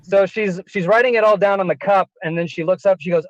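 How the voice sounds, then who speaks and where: A man's voice: sits high, fairly even intonation, fairly quick, no echo, muffled recording. A man performing a self-deprecating stand-up set, laughing at his own story now and then. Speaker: stand-up comedian.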